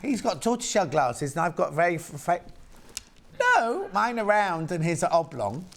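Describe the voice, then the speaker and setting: A British man hosts a live shopping broadcast in a chatty, camp and playful way. His voice sits a little high and swings widely in pitch as he chats about products and greets viewers. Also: normal speed, vocal fry. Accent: British English. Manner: chatty, camp and lively, reads out viewer messages. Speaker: shopping channel presenter. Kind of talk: live TV sales chat. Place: TV studio.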